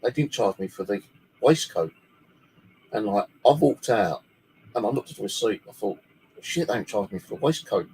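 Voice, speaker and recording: Man, lowish voice, rambling casual storytelling, swears a lot, faint hiss. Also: animated, moderate pace, long pauses, darkish tone, rough recording. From United Kingdom. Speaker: paranormal channel host. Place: his bedroom at home.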